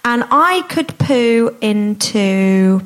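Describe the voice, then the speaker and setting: Female guest, playful and giggly, with a high voice that jumps up and down in a chatty comedy interview. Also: animated, extremely slow, a bit bright. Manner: giggly, playful, breaks into laughter often. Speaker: guest, singer and impressionist. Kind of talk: live comedy interview chat.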